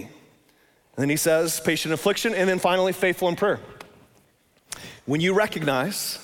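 A man's voice: high voice, moderate pace, pauses often, big-room sound. A man preaching a sermon, talking casually and with emphasis and repeating his phrases. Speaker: pastor.

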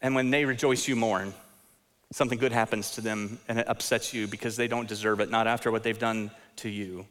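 A man's voice: on the low side, fairly even intonation, fairly quick, a bit bright. A man in his thirties preaching a sermon as a pastor, conversational and self-deprecating, often repeating words as he restarts. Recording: long reverb of a large hall.

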